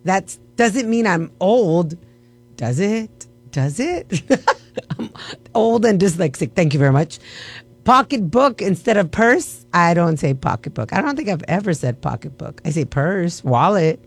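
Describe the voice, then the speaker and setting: A woman's voice: fairly low pitch, lively intonation, a little slow, husky. A woman radio host in a chatty segment, playful and mock-offended, laughing often.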